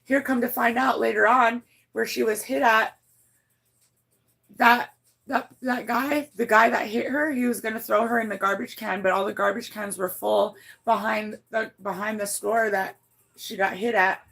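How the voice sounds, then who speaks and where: Gravelly-voiced woman telling a story on a livestream. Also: fairly even intonation, normal speed, fairly bright tone. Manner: rambling, blunt, swears freely, many restarts; emotional, voice climbs high when moved. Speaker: livestreamer reading her chat.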